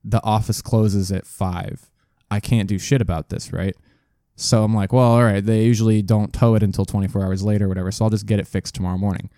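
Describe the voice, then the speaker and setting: Low mellow guy rambling thru a story on a podcast mic, swears a lot, keeps correcting himself, dry sound. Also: fairly even intonation, a little fast, hardly any pauses, no room sound. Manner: rambling, profane, self-correcting. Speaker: podcast host telling a story. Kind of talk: casual storytelling chat. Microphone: studio desk mic.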